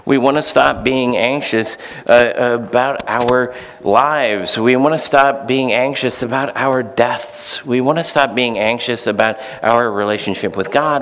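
A man's voice: mid-range voice, unhurried, few pauses, fairly bright tone, long reverb tail. A male pastor preaching a sermon in a conversational, storytelling way, with fillers.

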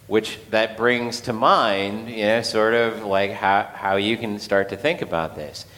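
A man's voice: on the low side, steady tone, unhurried, a bit bright, in a large hall. A man giving a casual sermon, telling the story conversationally with playful acted quotes. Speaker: pastor.

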